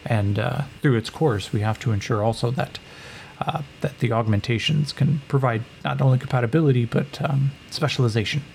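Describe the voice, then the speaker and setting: A man's voice: medium pitch, brisk, creaky, a little mellow, a little hiss or hum, lightly acted. A man voicing a cold, calculating female Atlantean scientist who lectures in a clinical, condescending way. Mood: matter-of-fact.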